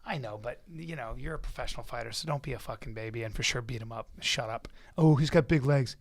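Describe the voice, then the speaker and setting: A man's voice: medium pitch, quick pace, vocal fry, sharp tone, no echo. A man in his thirties co-hosting a podcast, joking in a blunt, profane way. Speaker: podcast co-host, comedian. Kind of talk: casual podcast chat.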